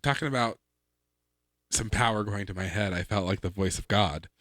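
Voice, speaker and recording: Animated low-voiced man telling stories. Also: normal speed, no echo, studio quality. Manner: animated, laughs while telling anecdotes. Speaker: podcast co-host. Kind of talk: casual chat, storytelling.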